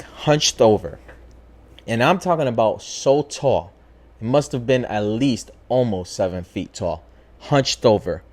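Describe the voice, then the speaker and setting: A man at middle pitch tells a spooky tale in a casual talk show. His voice rises and falls a lot as he acts things out. He talks loosely, with plenty of swearing. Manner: animated, profane, acts out voices in his story. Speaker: podcast host. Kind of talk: casual storytelling.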